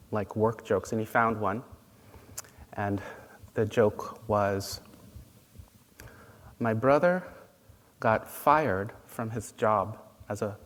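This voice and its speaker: A man's voice: mid-range voice, long reverb tail. A man giving a dharma talk as a Buddhist teacher, playful and laughing at his own jokes.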